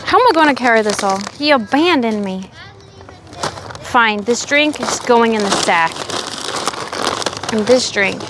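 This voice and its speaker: A high-pitched young woman streams from a windy park, chatting with her viewers and sounding a bit sick and tired. She talks in a sassy, rambling way. Faint outdoor ambience runs behind her phone mic. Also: lively intonation, unhurried, long pauses. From Oregon, USA. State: sick, low energy. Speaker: livestreamer. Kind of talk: casual chat with live chat. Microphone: phone on a selfie stick.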